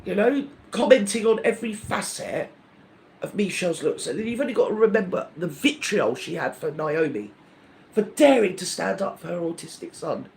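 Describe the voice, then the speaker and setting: High, lively ranting man. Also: normal speed, vocal fry, slight background noise. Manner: indignant, gossipy, rambling with many restarts. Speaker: live-stream host. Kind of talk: rambling live-stream rant.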